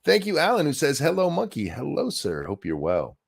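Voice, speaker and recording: Animated sarcastic male stream host. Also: mid-range voice, moderate pace, vocal fry, husky. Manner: sarcastic, animated, thanks donors. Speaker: host of a political commentary stream. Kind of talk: sarcastic live-stream commentary.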